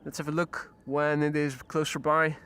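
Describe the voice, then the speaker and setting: Male host, high voice, chatty outdoor live commentary. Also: level tone, moderate pace, a bit bright, smooth. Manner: chatty, greets viewers, frequent fillers. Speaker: live stream host, plane spotter. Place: outdoors near airport runway.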